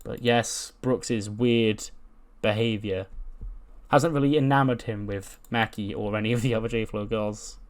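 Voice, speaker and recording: A man's voice: on the low side, fairly even intonation, measured pace. A man casually recapping a wrestling sim game, with plenty of fillers and swearing. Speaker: game channel host. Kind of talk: casual let's-play commentary.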